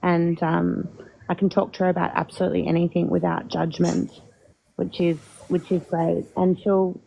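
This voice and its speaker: Candid woman with a gravelly voice. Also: on the low side, highs cut off. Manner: candid, laughs at herself. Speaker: panelist. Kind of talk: casual chat.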